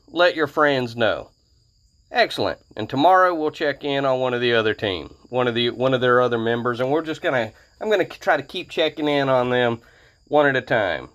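A man talks over his gameplay footage in an easygoing, joking way, wandering off track and restarting his sentences. His voice sits at an ordinary middle pitch. It sounds like a home voice-over for a video channel. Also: animated, moderate pace, fairly bright tone, muffled recording. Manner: playful, jokey, rambling with self-corrections. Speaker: gaming channel host. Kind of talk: casual gameplay commentary.

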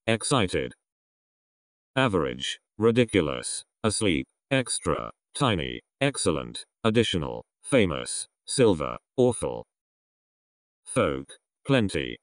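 A man reading a list of vocabulary words aloud one at a time, in a slow, measured way with pauses. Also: low-pitched, no room sound, studio quality. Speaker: vocabulary reader.

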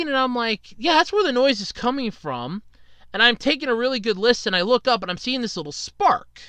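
A solo podcast host spins loose, animated anecdotes in a casual tone. The voice swings widely in pitch and sounds bright and clean. The recording is dry and close. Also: smooth, no room sound. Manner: rambling, animated anecdotes with acted-out quotes and laughs.

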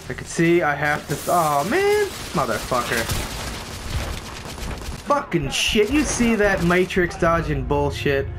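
A young man doing casual, profane let's-play commentary who swears a lot and gets excited easily. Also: a little high, unhurried, background noise. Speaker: gameplay commentator.

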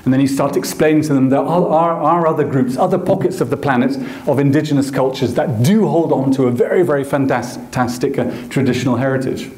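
A man's voice: medium pitch, fairly quick, hardly any pauses. Roomy-sounding male storyteller on stage. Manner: anecdotal, animated, with acted quotes. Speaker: photographer and guest speaker. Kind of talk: storytelling lecture. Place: lecture hall.

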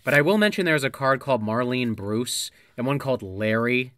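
A man's voice: medium pitch, expressive, moderate pace, fairly bright tone. A man co-hosting a casual podcast, reading out odd card names with playful disbelief while playing a card game. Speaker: podcast co-host. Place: living room blanket fort.

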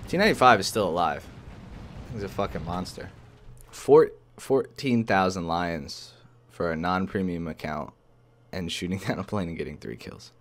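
A young man casually commentating his own tank gameplay, excitable and profane, often jumping into loud outbursts. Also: deep voice, moderate pace. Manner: excitable, profane, bursts into shouts. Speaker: gaming channel host. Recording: faint game noise behind. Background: game artillery and battle noise.

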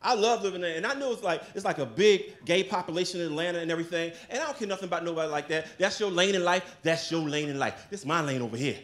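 A man performing a brash stand-up comedy set, loud and often shouting. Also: high-pitched, animated, rapid-fire, hardly any pauses.

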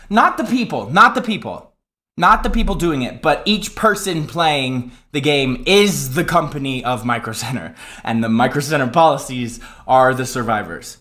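A man live streaming from his home setup into a desk microphone, ranting in a frustrated, profane, animated way. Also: on the high side, a little slow. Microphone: desk microphone with headset.

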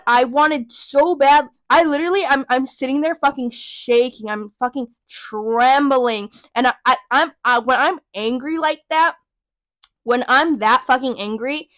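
A woman's voice: on the high side, fairly bright tone, dry recording. A young woman hosting a podcast, venting in a heated, profane, emphatic way. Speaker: podcast host. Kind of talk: casual venting monologue.

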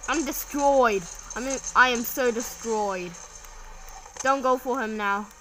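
A child commenting casually on a game while playing, excitable and quick to repeat short exclamations and slang. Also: mid-range voice, slight background noise, poor audio. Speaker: gamer.

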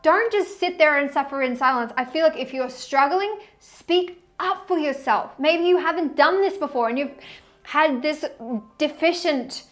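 A woman's voice: high voice, normal speed, soft background music. A woman giving a casual tarot reading to camera, chatty and effusive, often laughing and trailing off mid-sentence. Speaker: tarot reader.

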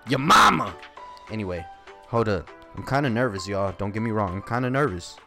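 A young man commenting on a horror game as he plays, joking and reacting, dropping to mutters and jumping to yells. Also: fairly low pitch, brisk, faint music behind. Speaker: gaming YouTuber. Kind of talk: let's play commentary.

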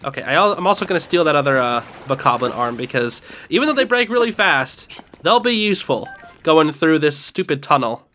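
An excitable young man talks his way through a video game, thinking aloud and greeting whatever he meets. His voice sits high and swoops around a lot, with a bright edge. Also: a little fast, a little hiss or hum. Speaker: gaming channel host. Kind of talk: casual let's play commentary.

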